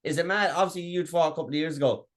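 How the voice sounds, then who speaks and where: Male interviewer, slightly raised pitch, casual, halting questions with many restarts. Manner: halting, repeats words, fillers.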